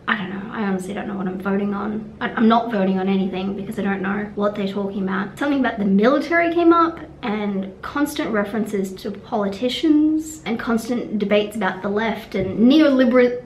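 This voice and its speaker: A woman's voice: medium pitch, brisk, hardly any pauses, roomy sound, a little hiss or hum, rough recording. A young woman vlogging, talking frankly in a rambling way, swearing and trailing off. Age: young adult. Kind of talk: casual vlog monologue. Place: room at a conference venue.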